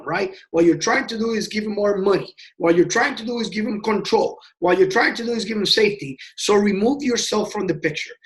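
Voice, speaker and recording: A man with a high-pitched voice leads a sales training session. He talks casually and with passion, stressing his points and often stumbling over repeated words as he restarts sentences. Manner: passionate and emphatic.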